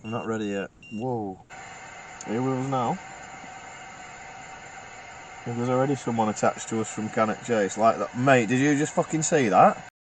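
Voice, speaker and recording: A man of medium pitch speaks at a moderate pace and pauses often on this noisy field recording. He's a paranormal investigator inside a car at night, keeping things casual and full of jokes and laughter as he asks spirits direct questions.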